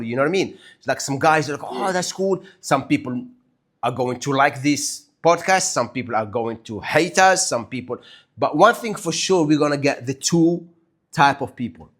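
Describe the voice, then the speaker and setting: A man from Algeria with a French-tinged mixed English accent, a podcast co-host telling stories in a casual, animated way and swearing casually. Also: fairly high pitch. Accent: French-influenced English, mixed British, Australian and American. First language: French and Arabic. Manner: animated storyteller, acts out quoted voices, swears casually. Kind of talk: casual chat.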